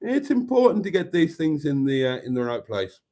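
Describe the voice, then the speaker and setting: Greeting viewers by name and reading out their comments, a man hosts a casual stream in a chatty manner. His dark-toned voice is fairly high, moves at a moderate pace, and swings widely in pitch.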